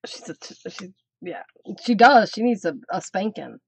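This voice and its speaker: A woman's voice: mid-range voice, expressive, slow, gravelly, long pauses, slightly rough, no room sound. A middle-aged woman chatting on a casual craft live stream, teasing her dog and laughing often. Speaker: craft channel host.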